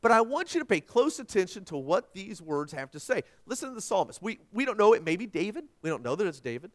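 A male pastor delivers a sermon in a folksy, animated way. His voice sits high for a man and swings widely in pitch, rising to loud emphasis and dropping into soft asides. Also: fast.

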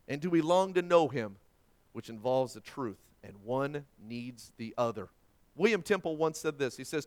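A middle-aged pastor with a slightly high voice preaches a sermon, swinging between hushed lines and loud, dynamic delivery.

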